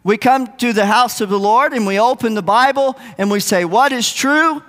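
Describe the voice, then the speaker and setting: A man's voice: very high voice, moderate pace, fairly bright tone, long reverb tail. A man preaching a sermon in an earnest, conversational way, asking the congregation rhetorical questions. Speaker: pastor. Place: church sanctuary.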